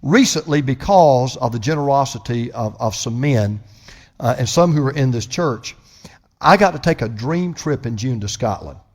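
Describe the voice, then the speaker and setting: A man preaching a sermon as pastor, impassioned, swinging from loud proclamation to hushed storytelling. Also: mid-range voice, lively intonation, moderate pace.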